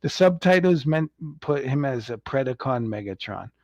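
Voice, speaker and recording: A man's voice: medium pitch, expressive, normal speed, a little mellow, no echo. A man hosting a casual livestream review. He rambles, chuckles often and acts out quotes. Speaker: show host reviewing an animated series. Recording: dull lo-fi, dry sound.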